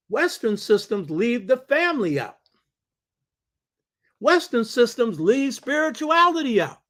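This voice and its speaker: Older man, show host, slightly high voice, emphatic lecture monologue, repeats phrases, home study.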